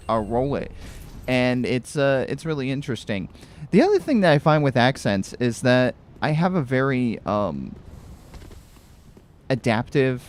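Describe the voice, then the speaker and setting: A man's voice: mid-range voice, slight background noise. Chatty man rambling over gameplay. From Connecticut. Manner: rambling, chatty, many restarts. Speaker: gaming streamer. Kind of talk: casual let's-play commentary.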